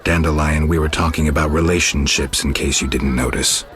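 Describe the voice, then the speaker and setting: A man's voice: extremely low pitch, fairly even intonation, fairly quick, a bit bright. A man voicing a weary, stoic male monster hunter who speaks in a dry, terse, sardonic way. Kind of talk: video game voice acting.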